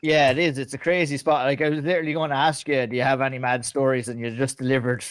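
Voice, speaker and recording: An Irish man hosting a podcast, chatting casually with quick, laughing reactions to his guest. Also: mid-range voice, flat delivery, clear, resonant tone. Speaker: podcast host. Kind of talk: casual chat.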